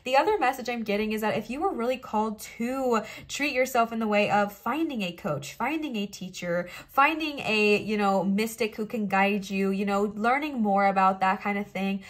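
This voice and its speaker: A young adult woman giving a casual pick-a-card tarot reading, encouraging and animated, often checking in with "okay?" and "all right?". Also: mid-range voice, moderate pace, few pauses. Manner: animated, laughs and talks while moving cards. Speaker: tarot reader.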